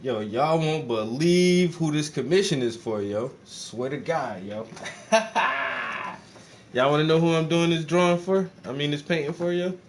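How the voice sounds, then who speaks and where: A man chats to his stream audience while painting. His voice sits a little high for a man, and he talks bluntly and with animation, peppering his talk with swearing and rhetorical questions. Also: expressive, a little slow, a little hiss or hum. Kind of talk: casual live-stream chat.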